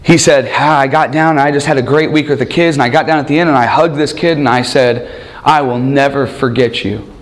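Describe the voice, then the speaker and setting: A man preaching a sermon, animated, acting out quoted voices and asking rhetorical questions. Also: medium pitch, brisk.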